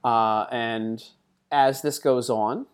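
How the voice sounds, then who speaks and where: A man's voice: mid-range voice, fairly even intonation, takes it slowly, clean tone. A man telling a personal story in a casual, chatty way, full of side remarks and fillers. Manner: chatty, digressive asides and frequent fillers.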